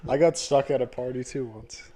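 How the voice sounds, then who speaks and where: A man's voice: mid-range voice, a little fast, mellow. A young man co-hosting a podcast, giving short, dry answers in casual chat. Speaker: podcast co-host.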